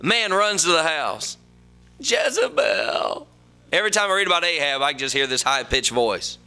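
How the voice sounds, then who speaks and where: Middle-aged preacher, folksy storytelling sermon, bright punchy voice. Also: male voice, a little high, brisk, clean tone, faint music behind. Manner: folksy storytelling, reads scripture aloud.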